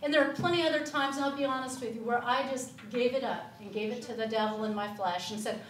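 A woman giving an animated testimony and teaching in a Sunday school class, speaking emphatically in a church room. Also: a little high, fast. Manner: animated, emphatic storytelling with laughs. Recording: echoey room, far from the mic.

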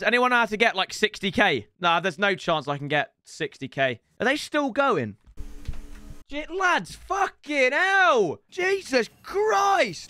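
A young man streaming a football video game, chatting to the lads in cheeky banter and breaking into loud outbursts. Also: high-pitched, no room sound. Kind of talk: gaming stream commentary. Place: home room with builders' noise outside. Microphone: headset.

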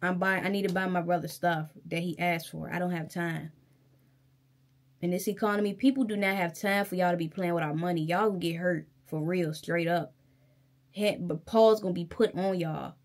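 A woman's voice: fairly low pitch, fairly even intonation, moderate pace. A young woman from Virginia telling a story to camera, heated and emphatic, talking straight to her viewers. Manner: heated, emphatic, addresses viewers directly as y'all. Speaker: vlogger. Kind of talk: casual storytime rant to camera.

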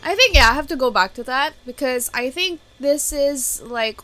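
A woman's voice: medium pitch, fairly bright tone, slight background noise. A young woman hosting an anime reaction video, chatty and emotional, with lots of laughter and fillers. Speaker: anime reaction channel host. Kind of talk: casual reaction commentary. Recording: faint music behind.

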